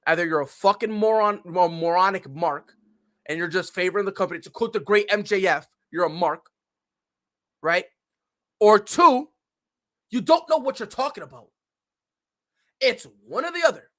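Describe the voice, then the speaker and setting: Animated, swearing male podcast host. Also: high voice, normal speed, long pauses. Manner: profane, heated and opinionated, with frequent swearing. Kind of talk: casual ranting commentary.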